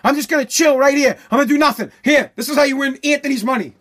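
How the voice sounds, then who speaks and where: A man's voice: extremely high pitch, fast, a bit bright. A man ranting in a profane, sarcastic, indignant way. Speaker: ranter. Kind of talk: profane comedic rant.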